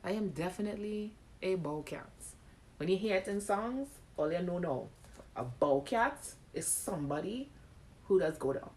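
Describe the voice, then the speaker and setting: A woman's voice: lowish voice, animated, moderate pace, darkish tone. A woman hosting a live chat show, talking casually to viewers, reading out their comments and laughing. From Caribbean.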